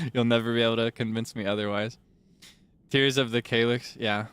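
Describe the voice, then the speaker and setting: A man's voice: mid-range voice, measured pace, a bit bright, smooth, no room sound. A man streaming live, chatting playfully with his viewers, teasing them and sharing bits of trivia. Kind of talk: casual livestream chat with viewers.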